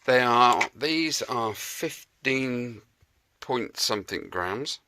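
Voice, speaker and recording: A man's voice: medium pitch, animated, drawn-out words, noisy background. A man with a chatty, jokey, self-mocking manner, talking casually to camera as he works in his home shed restoring a scooter. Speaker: motorbike restoration vlogger.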